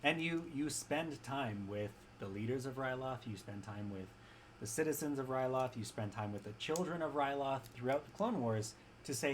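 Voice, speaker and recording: An enthusiastic man chats casually, rambling through his thoughts and tossing in "right?" as he goes. His voice sits at an ordinary middle pitch, with a faint bit of ambient noise behind him. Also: lively intonation, moderate pace, rough recording. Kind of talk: casual chat.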